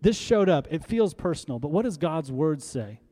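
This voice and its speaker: A warm, fairly high, sing-song voice marks this pastor's sermon, delivered at normal speed. He leads call-and-response with the congregation and builds to emphatic, rallying peaks as music plays faintly behind.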